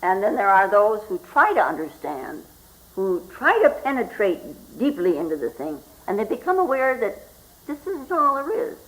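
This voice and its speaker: An older woman gives a spoken Zen talk in an unhurried, reflective way, often pausing to ask "hmm?" of her listeners. Her pitch sits in a middle range but moves a great deal, rising and dropping through each phrase. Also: big pitch swings, low-quality recording. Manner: slow and reflective, with frequent questioning "hmm?" asides. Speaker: Zen teacher.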